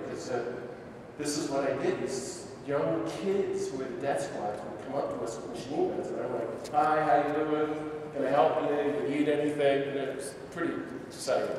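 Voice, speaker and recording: A man's voice: mid-range voice, a little hiss or hum. A middle-aged man, a priest, telling stories to a church audience with impassioned, building emphasis. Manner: impassioned, rising to emphatic peaks. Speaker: priest giving a talk. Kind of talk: church talk, storytelling. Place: large church hall. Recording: echoey church hall, distant mic.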